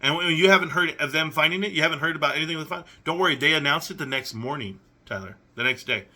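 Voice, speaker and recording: Sarcastic man with a sharp, bright voice. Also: on the high side, quick pace. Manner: sarcastic, incredulous, questioning. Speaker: commentary channel host. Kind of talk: reaction commentary reading messages aloud.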